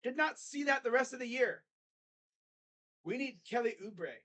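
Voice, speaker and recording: A man giving casual live play-by-play reaction to a basketball game, jumping between loud excited calls and low muttered grumbling as a rambling fan. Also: moderate pace. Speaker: sports YouTuber doing live play-by-play.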